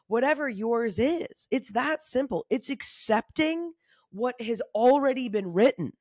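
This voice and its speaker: A woman in her thirties hosting a motivational solo talk, candid, casual and animated, often saying y'all. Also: a little high, unhurried, dry recording, clean studio sound. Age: 30s. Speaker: podcast host.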